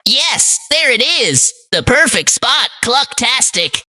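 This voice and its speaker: A woman's voice: sits high, sing-song, slow, sharp tone, no echo, clean studio sound. A woman narrating a scripted preschool lesson, cheerful and speaking straight to young children. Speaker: children's presenter.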